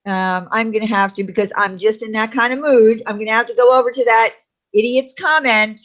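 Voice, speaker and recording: A woman's voice: on the high side, steady tone, brisk, fairly bright tone. Chatty woman on a dull stream. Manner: chatty, laughs often, trails off. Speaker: livestream co-host. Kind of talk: casual live chat.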